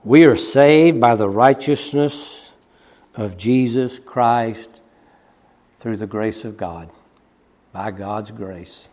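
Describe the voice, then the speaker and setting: A man preaching a sermon. He swings between loud, quick emphasis and hushed, slow passages, and repeats key phrases. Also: fairly low pitch. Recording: long reverb of a large hall.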